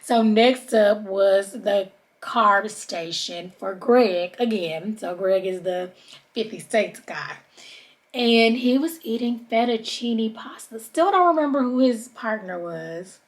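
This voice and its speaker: A woman's voice: lively intonation, slow. A woman hosting a podcast, recapping a TV episode in a casual, gossipy chat and calling her listeners "honey.". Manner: chatty, drawls "honey" and "child", mimics people in high voices. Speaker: podcast host.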